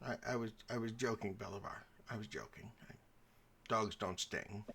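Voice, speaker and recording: A man acting as game master in a tabletop role-playing game, telling stories in a theatrical way with lots of pitch shifts. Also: steady tone, moderate pace, creaky, fairly bright tone, a little hiss or hum. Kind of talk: narrating and voicing characters in a tabletop game.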